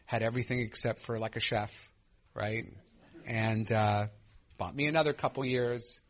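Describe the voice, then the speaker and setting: A man's voice: mid-range voice, moderate pace. A man in his thirties telling his own recovery story at a meeting, candid and self-mocking, with many fillers and restarts. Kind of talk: personal testimony share.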